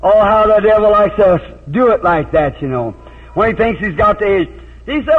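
A man preaching a revival sermon in a folksy storytelling way, breaking into shouted hallelujahs. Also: high voice, expressive, normal speed, breathy edge. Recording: tinny phone-like old tape.

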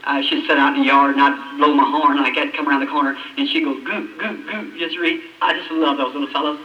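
A man preaching an emotional testimony, his voice breaking and climbing high, with long dramatic pauses. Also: flat delivery, lo-fi sound. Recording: old echoey hall recording from a distance, faint hiss.

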